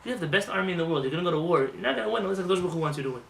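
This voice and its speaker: A man rabbi giving a lively, joking sermon in a synagogue, acting out voices as he talks. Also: sits high, very fast, vocal fry, far from the mic, slight background noise. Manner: animated, acts out voices, jokes with the congregation. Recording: roomy hall with faint ambience.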